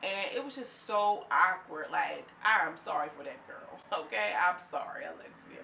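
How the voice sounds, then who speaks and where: A woman reviewing a reality show in a casual vlog, animated and slangy, with plenty of commentary. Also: on the low side, a little slow, vocal fry, a little hiss or hum. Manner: animated and slangy, acts out quotes in mocking voices. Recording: echoey room.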